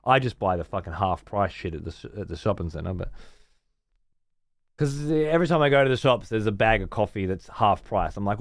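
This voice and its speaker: A man's voice: lowish voice, very animated, moderate pace, pauses often, no room sound, clean studio sound. Laid-back, profane man. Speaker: game streamer. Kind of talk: casual stream chat.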